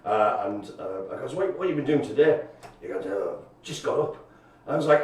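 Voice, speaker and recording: A man's voice: medium pitch, animated, brisk. A chatty, jokey man, co-hosting a casual live stream and telling stories with animation. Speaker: co-host. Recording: echoey room, far from mic.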